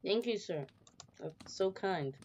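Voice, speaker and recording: A woman's voice: medium pitch, animated, takes it slowly, darkish tone, lo-fi sound. A woman voicing a polite young human character in a game who stammers after waking up weak. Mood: shaken.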